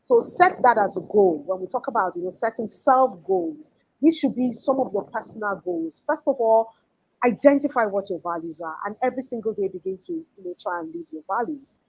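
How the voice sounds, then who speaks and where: A woman's voice: on the high side, big pitch swings, a little fast, vocal fry, darkish tone, husky, rough recording. A woman in her forties giving an earnest, emphatic motivational talk as a life coach, often restarting her sentences.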